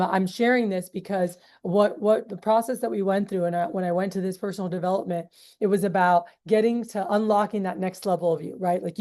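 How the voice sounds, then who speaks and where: A woman in her thirties talks casually to a group, full of "um" and "like," and slips into little quoted voices as she tells stories. Her voice is mellow and warm at a middle pitch. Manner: chatty, heavy fillers like "um, uh" and "like"; acts out quoted voices in storytelling. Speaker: meeting leader.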